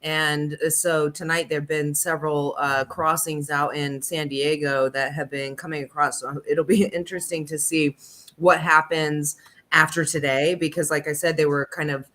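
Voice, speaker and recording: A woman's voice: low voice, flat delivery, moderate pace, fairly bright tone. A woman speaking as a guest on a casual livestream, talking hesitantly with many "um"s and restarts. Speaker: panel guest.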